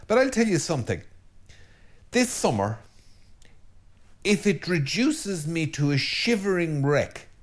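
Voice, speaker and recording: A middle-aged man from County Mayo with an Irish accent, a priest hosting his show in a casual, chatty way, full of asides and tag questions. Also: fairly high pitch. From Ireland. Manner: chatty and self-mocking, with many asides and repeated tag questions. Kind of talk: casual spoken commentary.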